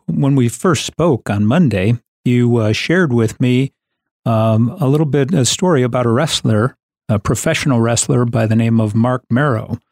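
A man hosting a radio interview, leading his guest through measured questions. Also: mid-range voice, darkish tone, no room sound, studio quality. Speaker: host.

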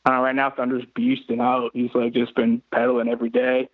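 A man's voice: medium pitch, monotone, fast talker, dry recording. Laid-back guy on a tinny phone line. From Florida. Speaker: guest, flat track racer. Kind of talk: casual phone-in chat.

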